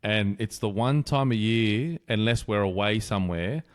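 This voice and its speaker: A man's voice: lowish voice, moderate pace. An Australian man co-hosting a podcast, chatting casually and telling a joke with a laugh in his voice. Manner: jokey storyteller, laughs often. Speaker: podcast co-host.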